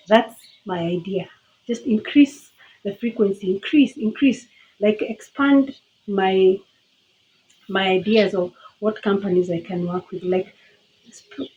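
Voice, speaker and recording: A woman's voice: mid-range voice, darkish tone, highs cut off, a little hiss or hum. A woman with a Kenyan accent giving an earnest, faith-filled personal testimony in a motivational tone.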